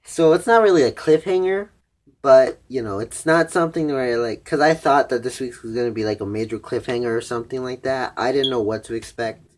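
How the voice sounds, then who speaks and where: A man's voice: medium pitch, a little fast. A young man casually recapping an anime episode, rambling with lots of "like" and frequent swearing. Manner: rambling, profane, heavy use of "like". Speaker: anime reviewer.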